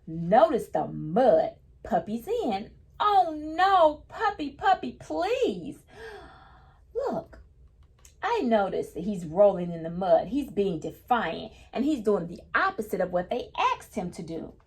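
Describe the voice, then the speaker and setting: A woman's voice: medium pitch, very animated, a little slow, darkish tone. A woman reading a picture book aloud to children, patiently stopping to explain each new word in simple terms. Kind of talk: children's read-aloud lesson.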